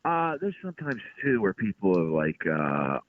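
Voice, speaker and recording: A man, a comedian being interviewed, telling stories in an exasperated, animated way. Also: low-pitched, normal speed. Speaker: comedian guest. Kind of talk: casual interview chat. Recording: tinny phone-like line.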